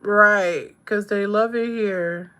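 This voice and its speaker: A woman's voice: medium pitch, fairly even intonation, slow pace, fairly bright tone. A woman chatting casually with viewers while doing her makeup on a live stream, laid-back, playful and sarcastic.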